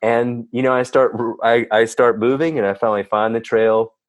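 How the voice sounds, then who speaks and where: A man's voice: medium pitch, steady tone, normal speed, no echo, dull audio. A man, a guest, telling a long personal story in a candid, rambling way, cursing freely. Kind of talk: casual storytelling.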